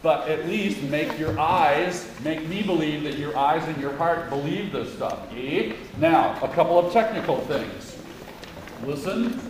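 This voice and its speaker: A man's voice: a little high, measured pace. A man directing a choir rehearsal, coaching the singers with encouragement and singing phrases to show them how. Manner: encouraging, sings phrases to demonstrate. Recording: echoey room heard from far off with background noise.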